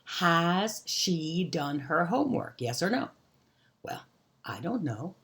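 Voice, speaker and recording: A woman teaching an English grammar lesson, explaining examples slowly and deliberately. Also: low voice, big pitch swings. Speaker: ESL teacher.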